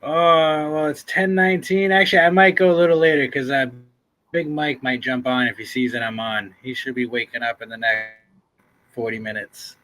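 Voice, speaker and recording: Bright-toned man chatting on a livestream. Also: mid-range voice, steady tone, moderate pace, low-quality recording. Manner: laid-back, chuckles often, greets viewers. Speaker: livestream host. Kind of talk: casual livestream chat.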